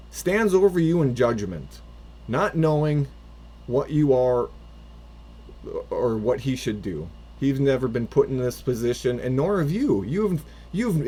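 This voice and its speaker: A man's voice: mid-range voice, a little mellow. A man running a tabletop game as a first-time dungeon master, improvising and narrating with lots of swearing and restarts. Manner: rambling, swearing, frequent restarts.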